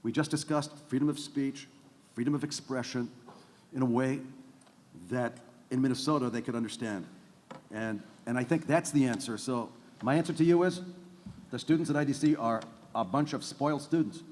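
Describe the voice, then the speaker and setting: A man's voice: medium pitch, moderate pace, darkish tone. Emphatic male panelist in a reverberant hall. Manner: emphatic, tags points with "okay?" and "by the way". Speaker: conference panelist. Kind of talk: panel discussion talk. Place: large conference hall.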